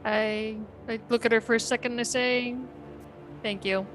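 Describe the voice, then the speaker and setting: A woman's voice: on the high side, little pitch movement, a little fast, rough recording. A woman player in a tabletop game, speaking casually with laughing asides. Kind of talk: tabletop role-play.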